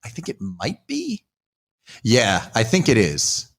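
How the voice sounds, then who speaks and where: Live-streaming in front of a comic shop, a podcast host rambles through a casual chat full of restarts and asides. His mid-range voice swoops wildly in pitch, and he takes his time.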